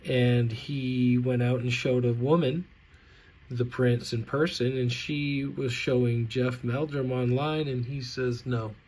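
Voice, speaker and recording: A man's voice: medium pitch, flat delivery, slow, a little mellow, breathy edge. A man ranting in a vlog, angry and sarcastic, swearing heavily. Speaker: vlogger.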